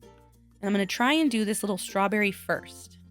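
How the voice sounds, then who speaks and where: A woman crafter talking casually to her viewers in a chatty, self-deprecating way, thinking out loud as she works. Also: mid-range voice, moderate pace, soft background music. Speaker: craft vlogger. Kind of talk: casual voice-over vlog.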